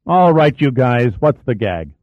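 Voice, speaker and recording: A man voicing a tense, exasperated male space station commander who talks in clipped, forceful bursts. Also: mid-range voice, big pitch swings, measured pace, no room sound. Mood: angry. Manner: clipped, forceful, rising to anger. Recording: dry, thin phone-like audio.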